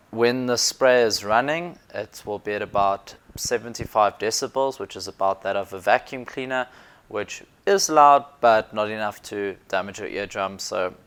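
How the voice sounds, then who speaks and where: A man's voice: lowish voice, fairly bright tone, clear, resonant tone. A man presenting a paint sprayer in a friendly, explanatory product demo video, with a few fillers.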